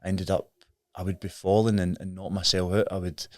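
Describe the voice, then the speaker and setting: A man's voice: sits low, level tone, fairly quick, darkish tone, dry recording, studio quality. A Scottish man in his thirties, a podcast guest telling his story in an earnest, frank, plain-spoken way. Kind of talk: candid recovery story in conversation.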